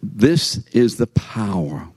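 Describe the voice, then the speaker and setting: A man's voice: on the low side, very animated, slow, darkish tone, breathy edge, no room sound. Older man preaching in a dry room. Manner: chatty, conversational, addresses listeners by name. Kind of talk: storytelling sermon.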